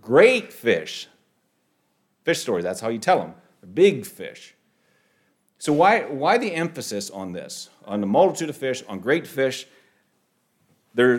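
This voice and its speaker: A man preaching a sermon, halting and repeating words, rising sharply on key phrases. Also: medium pitch.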